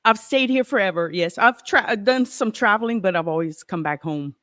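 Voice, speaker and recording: Middle-aged cajun woman from south louisiana, easygoing guest chat, little pauses, dry close mic. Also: mid-range voice, fairly bright tone, no room sound. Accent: Cajun French. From Acadiana, South Louisiana. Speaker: podcast guest, metal fabricator. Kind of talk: casual interview chat.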